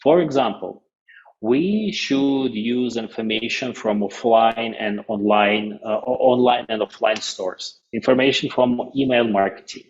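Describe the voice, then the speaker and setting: A man presenting a business webinar in non-native English phrasing, halting often and restarting his sentences. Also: mid-range voice, a little mellow, highs cut off, a little hiss or hum.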